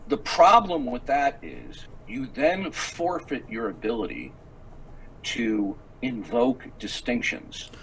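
A man in his sixties argues in a heated online debate, insistent and condescending, pressing the same question again and again. His pitch rises and falls a lot as he talks. A faint noise hums under the line. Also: big pitch swings, slow pace, a bit bright, poor audio. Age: 60s.

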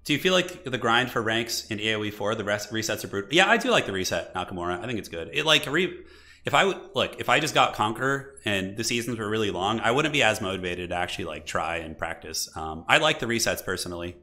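A man with a hoarse voice from a cold, commentating his own live gameplay and chatting with viewers as he plays. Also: fairly low pitch, expressive, quick pace, sharp tone. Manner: chatty, thinking aloud, answering viewers. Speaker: game streamer.

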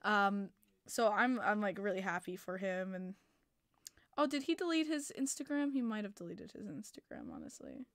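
A woman hosting a casual hockey podcast livestream, excitable, laughing often and swearing freely as she reads chat messages. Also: medium pitch, normal speed, no room sound. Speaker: podcast host.

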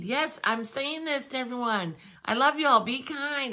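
A woman's voice: high-pitched, moderate pace, bright, forceful tone. A middle-aged woman vlogger chatting casually at home, gushing and easily moved, with plenty of fillers. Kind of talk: casual chat.

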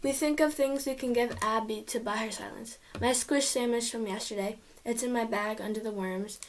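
A woman reading a children's chapter book aloud in a lively, expressive storytelling manner. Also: on the high side, moderate pace. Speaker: storybook reader.

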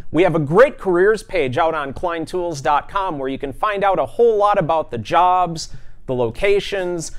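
Man, co-host, cheerful, polished, high and lively pitch. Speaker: livestream co-host. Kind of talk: scripted-sounding welcome and answers.

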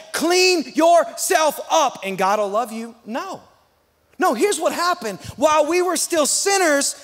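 A man preaches in a church auditorium. His voice sits very high and swoops animatedly up and down, with emphatic refrains and sudden loud bursts. The sound carries the long reverb of a large hall. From Texas. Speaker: guest pastor. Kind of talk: sermon.

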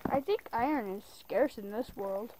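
A woman hosting a gaming video from a bed at home, rambling in casual let's play commentary and quick to get annoyed. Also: on the high side, dark tone, a little hiss or hum.

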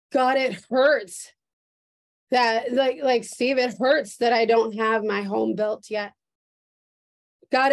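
Slow, earnest woman pastor preaching. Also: on the high side. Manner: slow, earnest and emotional, repeating phrases. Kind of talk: prophetic sermon. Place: church service streamed on video call. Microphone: video call.

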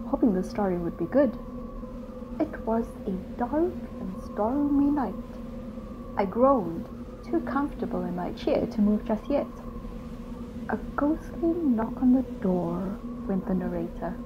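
A woman's voice: mid-range voice, lively intonation, measured pace. Woman reading a wry first-person story. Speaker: audiobook narrator. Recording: dull lo-fi with loud noise.

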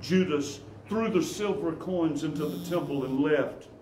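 A man preaching in a church, telling scripture as a story at a very slow, deliberate pace. His voice sits a bit high and sinks low on solemn moments. The big room echoes, with faint ambience behind. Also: a little hiss or hum. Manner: storytelling, dropping low and quiet on solemn lines. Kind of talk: dramatic scripture reading in a sermon. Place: church sanctuary.

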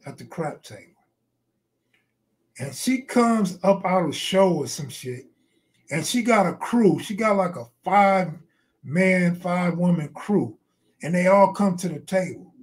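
A middle-aged man hosts a live stream, freestyling rambling anecdotes full of slang and cursing. He breaks off mid-story to answer viewers, and his voice sits a bit high for a man. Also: a little mellow.

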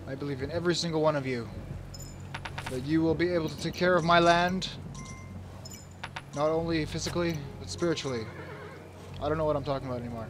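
Brief: young male let's-play host with a high voice, excitable, mock-regal pep talks, then mumbles. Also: brisk, pauses often, a little hiss or hum. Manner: excitable, swings from shouting orders to muttering; mock-royal speeches to his troops. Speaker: gamer.

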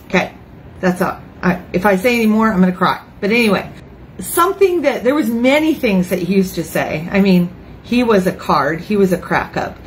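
A woman in her fifties, a grandmother, preaching an informal online sermon in a chatty, emotional way with lively asides. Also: medium pitch, slight background noise, poor audio. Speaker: ministry speaker. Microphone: phone or webcam, online broadcast.

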